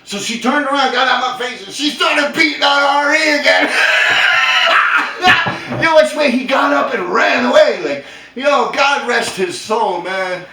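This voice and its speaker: A man's voice: very high-pitched, normal speed, bright, forceful tone, roomy sound, distant mic, slight background noise. A man telling a funny story in casual, profane street slang, laughing hard as he goes. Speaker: storyteller vlogger.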